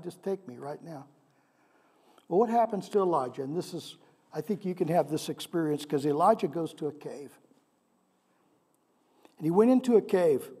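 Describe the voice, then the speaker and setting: A man's voice: on the high side, dark tone. A male pastor delivering a sermon in a conversational way, often putting questions to his congregation. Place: church sanctuary. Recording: long reverb of a large hall.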